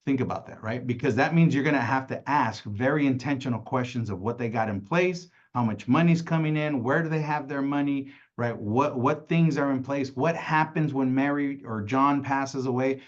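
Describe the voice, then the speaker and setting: A man leading a casual sales training, animated, laughing often and tagging nearly every point with "right?". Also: mid-range voice, normal speed, hardly any pauses. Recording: slightly dull lo-fi audio.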